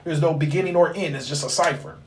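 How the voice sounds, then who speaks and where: A man holds forth on a casual livestream. His voice sits a bit high for a man, and he rambles in a loose, slang-heavy, profane way. He lectures his viewers like a street preacher. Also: quick pace, slight background noise. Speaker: livestream host teaching occult class.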